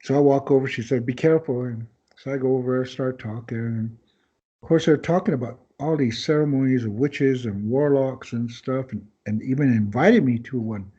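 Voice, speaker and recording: Guy on a podcast telling long rambly stories, husky dark voice, dull lo-fi sound. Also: medium pitch, moderate pace. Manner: rambling anecdotes, acting out other people's lines. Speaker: podcast guest. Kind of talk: casual storytelling.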